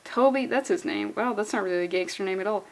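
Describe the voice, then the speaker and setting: A woman comic reviewer reads a comic book aloud for laughs at a fast clip, her voice mid-range. She keeps up a sarcastic, incredulous running commentary, often laughing through her words, and the recording is rough.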